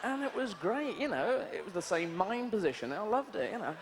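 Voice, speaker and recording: A man riffing through a surreal stand-up set, his voice fairly high for a man. He rambles from one absurd aside to the next. The old broadcast recording carries a heavy hiss. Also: sing-song, fairly quick. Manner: rambling, absurd asides with frequent "you know". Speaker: stand-up comedian. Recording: noisy old TV broadcast, live audience.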